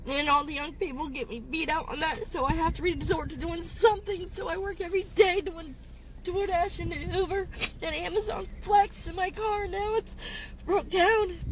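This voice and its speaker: A woman's voice: very high-pitched, a little hiss or hum. A woman in her fifties, stressed and tearful, venting to her phone from her car in a parking lot with nervous laughs. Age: 50s. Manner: distraught, breaking into nervous laughs. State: crying, stressed. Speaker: gig delivery driver venting on social media. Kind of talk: tearful vent to camera.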